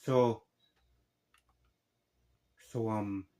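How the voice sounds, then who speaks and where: Reviewing a film for his channel, this man talks extremely slowly in a lowish, dark voice with fairly even intonation. His casual commentary wanders, interrupted by his own jokey asides and restarts.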